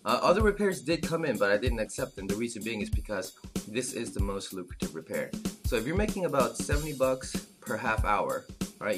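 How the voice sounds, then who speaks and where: A man explaining phone screen repair as an instructor, talking casually with lots of "uh" fillers and restarts. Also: medium pitch. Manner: filler-heavy, frequent "uh" restarts. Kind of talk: casual tutorial talk.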